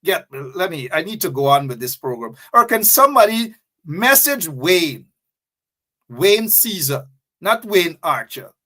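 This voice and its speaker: A man's voice: sits high, bright, forceful tone. Guyanese male host, impassioned live-stream commentator, preachy, repeats himself, names viewers one by one. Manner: preachy, repetitive, calls out viewers by name. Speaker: talk show host.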